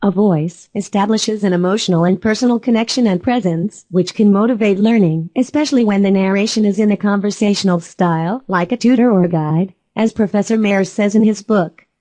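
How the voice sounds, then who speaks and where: Calm woman narrating a lesson, warm mellow voice. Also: medium pitch, brisk, hardly any pauses, no room sound. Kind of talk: scripted narration.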